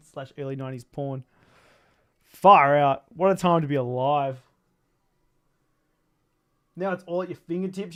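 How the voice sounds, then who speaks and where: A man in his thirties chatting casually to his stream while building a toy kit, rambling, swearing and laughing often. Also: medium pitch. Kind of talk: casual livestream chat.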